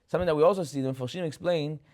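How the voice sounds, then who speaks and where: Rapid-fire and darkish in tone, a male rabbi with a fairly high pitch teaches a conversational Torah class. He tells the stories with animation, acting out characters and raising rhetorical questions.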